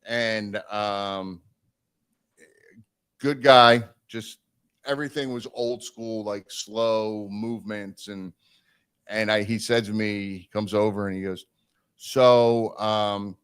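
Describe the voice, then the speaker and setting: Guy on a live stream telling a road story, loud and animated, does the voices of people he quotes. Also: on the low side, slow, clear, resonant tone. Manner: animated, acts out quoted voices, swears casually. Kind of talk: casual storytelling.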